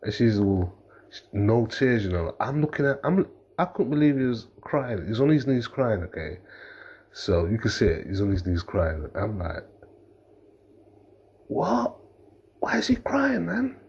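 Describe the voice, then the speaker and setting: A man's voice: fairly low pitch, animated, normal speed, darkish tone, husky, muffled recording. A man giving a casual, rambling reaction commentary, swearing freely and breaking into laughter. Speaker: reaction vlogger.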